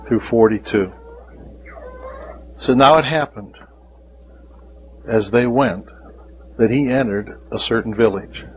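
A man's voice: mid-range voice, slight background noise, poor audio. A man preaching a devotional sermon, speaking in an emphatic way and repeating key phrases.

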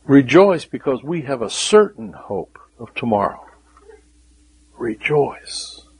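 A man preaching a sermon, earnest, repeating key words and dropping to a hushed voice when quoting scripture. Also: mid-range voice, big pitch swings, slow, a little hiss or hum, rough recording.

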